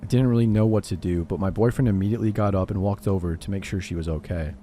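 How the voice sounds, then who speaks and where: A man narrates a first-person horror story in a steady scripted read. His voice sits low and has a dark, mellow tone. Faint music plays beneath the narration.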